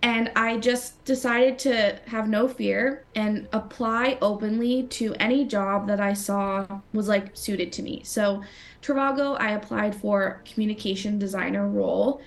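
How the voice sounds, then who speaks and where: Chatty young Canadian woman designer. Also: mid-range voice. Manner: chatty, many fillers and restarts. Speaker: guest designer. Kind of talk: casual interview chat.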